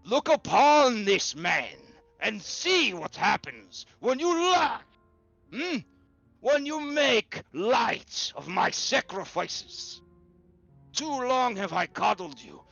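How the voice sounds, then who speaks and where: A man voicing a grief-maddened, cruel male baron who rants at his subjects in booming, theatrical speeches. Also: sing-song, slow pace, a bit bright, no room sound, soft background music, heavily acted. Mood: wrathful. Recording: dull lo-fi audio.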